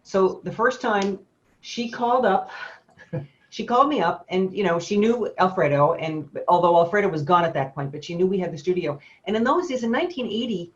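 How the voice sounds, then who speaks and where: A woman's voice: mid-range voice, lively intonation, moderate pace, muffled recording. A woman photographer telling a long anecdote in casual, rambling talk with many fillers and laughs. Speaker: studio owner and photographer. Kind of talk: casual storytelling on a webinar.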